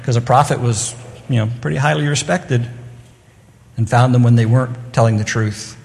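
A man's voice: mid-range voice, moderate pace, gravelly, a little mellow. Earnest middle-aged male preacher, reverberant hall. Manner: earnest, conversational, acts out quoted voices. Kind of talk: evening sermon.

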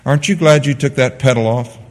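A man preaching a sermon, from the Netherlands, animated and emphatic, dropping to a soft storytelling voice. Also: mid-range voice, a little fast. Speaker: pastor. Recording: long hall reverb.

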